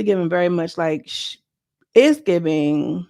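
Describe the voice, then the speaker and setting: Chatty reality-TV recapper with vocal fry. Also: medium pitch, a little fast, no room sound, clean studio sound. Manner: slangy, chatty, addresses viewers as girl. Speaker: show reviewer. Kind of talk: casual gossipy TV recap.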